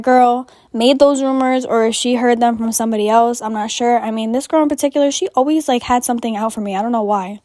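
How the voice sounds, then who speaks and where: A young woman telling a frank storytime at a quick clip, full of fillers and casual swearing. Her voice sits a bit high. The recording is dry and close. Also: steady tone, warm tone, no room sound.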